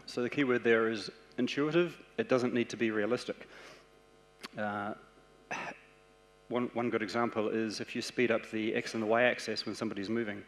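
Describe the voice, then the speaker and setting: A man with a New Zealand accent giving a conference presentation, explaining ideas in a steady, practical way. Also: lowish voice, moderate pace. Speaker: conference speaker. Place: large conference hall. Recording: echoey conference hall.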